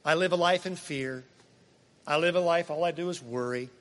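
A man's voice: fairly high pitch, moderate pace, fairly bright tone, long reverb tail. A man preaching a sermon in a conversational way, often asking his listeners questions. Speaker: pastor.

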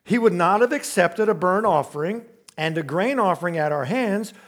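A man preaching, voicing a calm wife who slowly soothes and reasons with her frightened husband. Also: sits high. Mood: soothing. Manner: slow and coaxing.

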